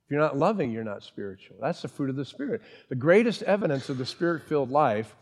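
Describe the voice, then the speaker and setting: A man's voice: medium pitch, big pitch swings, quick pace. A man preaching a sermon as pastor, stressing points by repeating them and putting questions to the congregation. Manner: emphatic, repeats key phrases, asks the congregation questions.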